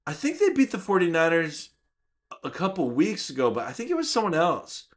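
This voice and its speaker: A man's voice: huge pitch swings, brisk. A man putting on a bubbly teenage girl cashier. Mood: chirpy. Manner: bubbly, high and questioning.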